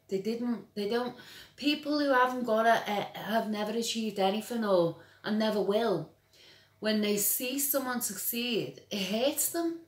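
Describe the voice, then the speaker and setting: A middle-aged woman from England, ranting bluntly and with lots of swearing, often stumbling over and repeating her words. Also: a little high. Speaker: vlogger. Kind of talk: angry personal rant. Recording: echoey room.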